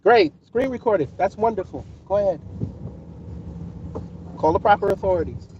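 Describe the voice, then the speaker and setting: New male streamer, taunting and coolly threatening, set back from a muffled mic with clear background noise behind. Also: high-pitched, normal speed, recorded from a distance. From New York City. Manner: taunting, mocking, calmly menacing. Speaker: livestream host answering chat. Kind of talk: casual live-stream roasting.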